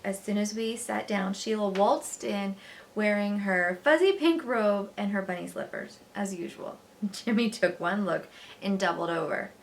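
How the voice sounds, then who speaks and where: A woman teacher reading a children's novel aloud with expressive storytelling. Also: mid-range voice, unhurried.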